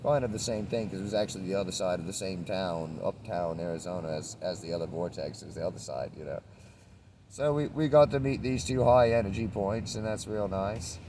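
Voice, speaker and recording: This man's voice sits low and sounds mellow, moving a little fast as he rambles through a relaxed spiritual monologue on his travels, swearing now and then. The vlogger is recorded from a distance on an outdoor street, with a little hiss or hum.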